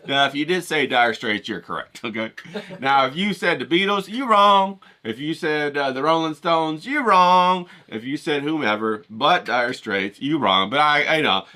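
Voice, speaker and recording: A man's voice: on the high side, lively intonation, moderate pace, bright, forceful tone. A man vlogging to camera, joking and rambling, talking straight to his viewers and swearing freely. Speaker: painter and vlogger. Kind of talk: casual talk to camera.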